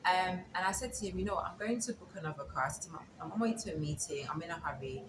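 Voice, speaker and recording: Guest: a woman with a low voice, retelling events and quoting what each person said, recorded in an echoey, noisy room. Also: rapid-fire. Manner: retells events with quoted dialogue. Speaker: interview guest. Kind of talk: casual storytelling. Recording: echoey room with background noise.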